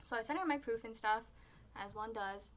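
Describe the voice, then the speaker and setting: A young woman vlogger chatting casually through a story, full of "like"s, and she voices her own remarks in quotes with high squeals. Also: normal speed, fairly bright tone, slight background noise.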